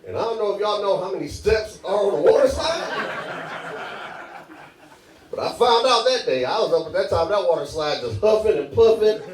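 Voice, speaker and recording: On a comedy club stage, a young stand-up comedian with a high, expressive voice delivers a loose, conversational set at a moderate pace, laughing at his own jokes. The live room is echoey, the mic sounds distant, and the audience laughs throughout.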